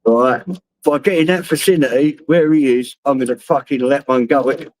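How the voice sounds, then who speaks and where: A middle-aged live streamer from London talks to viewers on his phone at the wheel, rambling, cursing heavily and laughing at his own anecdotes. His medium-pitched voice is brisk and a little mellow, in a low-quality recording with no echo.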